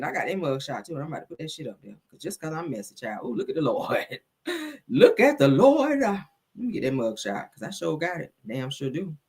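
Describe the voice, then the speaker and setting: Brief: woman gossip host, lower-pitched voice, sassy and profane, animated storytelling. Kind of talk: casual reality-TV gossip commentary.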